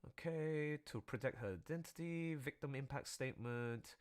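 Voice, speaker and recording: A man chatting casually on his drawing stream, rambling through animated commentary. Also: mid-range voice, moderate pace, hardly any pauses, clear, resonant tone. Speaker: artist streaming while drawing. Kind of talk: casual chat.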